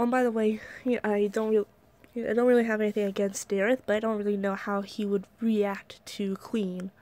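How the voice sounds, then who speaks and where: A woman casually reading her fan story aloud, slightly hoarse, chatting in asides with many fillers and restarts. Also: mid-range voice, a little mellow. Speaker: fan fiction reader.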